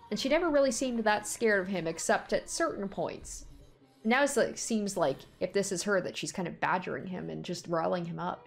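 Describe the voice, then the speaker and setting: Woman host, casual let's-play commentary, chatty, thinks aloud, mid pitch. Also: expressive, normal speed, creaky, faint music behind.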